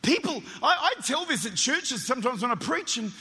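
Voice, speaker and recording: High-voiced, energetic Australian preacher. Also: male voice, moderate pace, husky, big-room sound. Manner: energetic, animated storytelling with stammered restarts. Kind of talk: sermon. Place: church.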